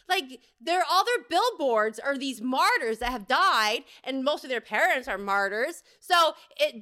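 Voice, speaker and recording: A woman's voice: sits high, expressive, unhurried, few pauses, pushed and bright. A woman hosting her own podcast, delivering an angry, profane, rambling solo rant. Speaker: podcast host. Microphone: home podcast setup.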